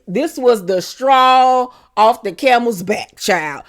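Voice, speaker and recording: A woman's voice: on the high side, takes it slowly. A woman hosting a reality TV recap in a sassy, dramatic gossip style, acting out what the cast said. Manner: sassy, dramatic, acts out quoted lines.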